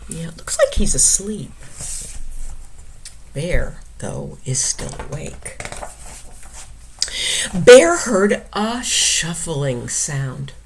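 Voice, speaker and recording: A woman reading a picture book aloud for children, gently explaining words and dropping into whispers. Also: deep voice, big pitch swings, very slow, long pauses.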